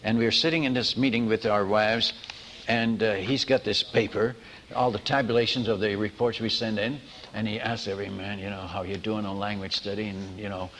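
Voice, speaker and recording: A man preaching as a missionary, telling stories in a lively sermon, acting out the people in them and often restarting his sentences. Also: lowish voice, brisk, in a large hall, a little hiss or hum. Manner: animated, acts out dialogue, many restarts. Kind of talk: storytelling sermon.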